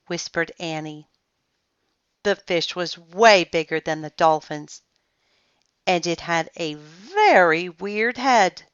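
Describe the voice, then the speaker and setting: Slow, bright woman reading a storybook. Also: on the low side, clean tone, dry recording. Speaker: reader. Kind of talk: children's book read-aloud. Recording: dull lo-fi sound, dry.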